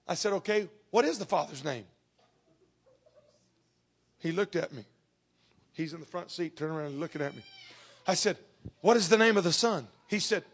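A man preaching a sermon, telling a story and acting out both sides of a conversation, swinging from shouts to hushed tones. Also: sits high, very animated, normal speed, pauses often, husky.

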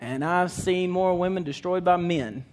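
A man in his thirties, a children's evangelist, preaching a lively sermon that builds to shouts. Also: high voice, moderate pace. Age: 30s.

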